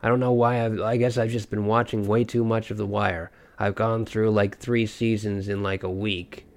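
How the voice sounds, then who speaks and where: A man's voice: lowish voice, little pitch movement, normal speed. A young man with a stuffy, nasal voice from a cold, rambling through a solo podcast monologue with many fillers and restarts. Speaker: podcast host.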